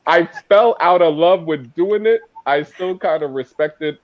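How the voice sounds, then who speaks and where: A man's voice: a little high, unhurried, no room sound, lo-fi sound. Joking man on a video call. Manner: joking, stammers and restarts. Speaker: comedian panelist. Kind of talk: casual chat.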